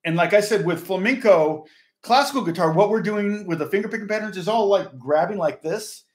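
Older male guitar teacher, somewhat high-pitched, loose rambling chat to viewers, roomy echo. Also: expressive, fairly quick. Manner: rambling, chatty, answers viewers' comments. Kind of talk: casual live-streamed guitar lesson. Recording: echoey room with guitar playing.

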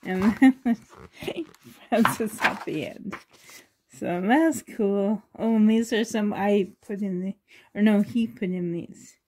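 Slow-talking woman with a mellow voice. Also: medium pitch. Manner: chatty, giggly, rambling with fillers. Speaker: vlogger. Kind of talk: casual show-and-tell chat.

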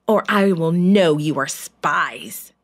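Woman doing a male governor, stern, commanding, deep for her, unhurried, storybook reading. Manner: commanding, slow and deliberate. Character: stern powerful male governor testing his brothers.

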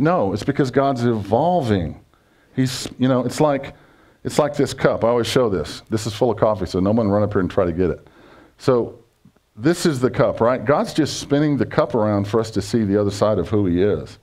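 A man's voice: mid-range voice, expressive, moderate pace, a little mellow. Casual joking man preaching a sermon. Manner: conversational, jokey, asks congregation questions. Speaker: pastor.

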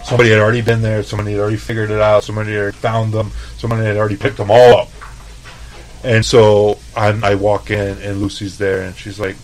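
Man from el paso, lowish voice, casual cursing storyteller, chef guest. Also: little pitch movement, fast, crowd noise, low-quality recording. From El Paso, Texas. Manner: profane, laid-back storyteller.

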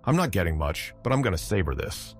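A man's voice: deep voice, sing-song, quick pace, soft background music. A man voicing a menacing devilish stranger who mocks and snarls, in a narrated horror story. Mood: snarling. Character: menacing devilish male stranger, gleeful and cruel.

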